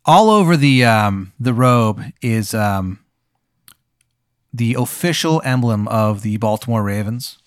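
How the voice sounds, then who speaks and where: A man's voice: mid-range voice, animated, takes it slowly, clear, resonant tone, dry recording, clean studio sound. Rambling man narrating an improvised game. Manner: rambling and casual, with many "like"s and swearing. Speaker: game host. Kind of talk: improvised role-play narration.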